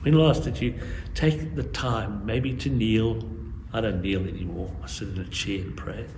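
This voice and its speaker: An older man from South Africa preaching a sermon as guest preacher, earnest and pleading by turns, with lively storytelling. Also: on the low side, moderate pace. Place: church sanctuary. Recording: echoey church with faint ambient noise.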